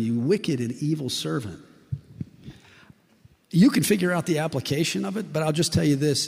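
A man's voice: a little high, vocal fry, long reverb tail. A middle-aged male pastor preaching a sermon, telling stories and acting out the people in them. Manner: animated storyteller, acts out quoted voices.

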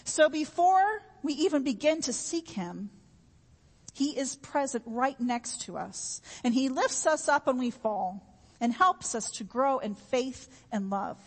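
A woman's voice: high voice, expressive, unhurried, long reverb tail. A woman preaching a sermon in an earnest, repetitive way, with homey everyday examples.

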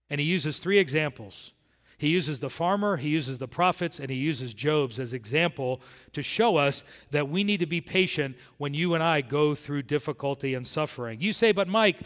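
A man from South Florida preaching a sermon verse by verse, moving between quiet and emphatic delivery. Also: on the high side. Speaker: pastor. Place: church sanctuary. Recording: long hall reverb.

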